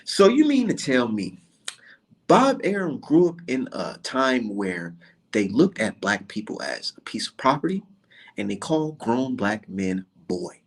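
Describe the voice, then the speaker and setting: A man's voice: medium pitch, big pitch swings, a little slow. A man giving a heated, profane, sarcastic rant full of rhetorical questions, speaking as a commentator to his audience.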